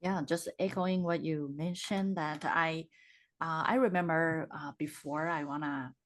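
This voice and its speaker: Woman host low voice, hesitant, casual video-call interview chat. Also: fairly even intonation, a little slow. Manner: hesitant, searching for words. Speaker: podcast host.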